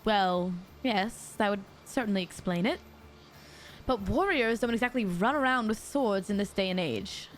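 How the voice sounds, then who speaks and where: A woman streamer reading a game character's lines in a put-on British-ish accent, formal and measured. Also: mid-range voice, animated, slight background noise, lightly acted. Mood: prim.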